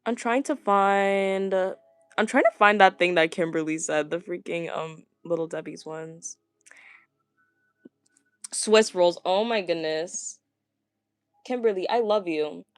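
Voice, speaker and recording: A woman's voice: fairly low pitch, takes it slowly, long pauses, clean tone, no echo. Stuttering, chatty woman vlogger. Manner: stumbling, stuttering, many fillers; chatty, gushing. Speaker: vlogger reading viewer comments. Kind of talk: casual livestream chat.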